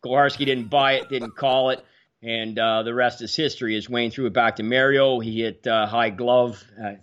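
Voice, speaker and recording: A man of about sixty hosts a casual sports talk show, telling hockey stories with animated energy and often repeating words. His voice is middle-pitched at a moderate pace, and the recording sounds slightly dull and lo-fi.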